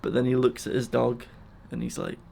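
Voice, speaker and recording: Soft-spoken man, gravelly and teary. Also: mid-range voice, monotone. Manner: soft, emotional, halting with fillers. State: close to tears. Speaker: vlogger feeding a wild bird. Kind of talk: casual heartfelt vlog talk.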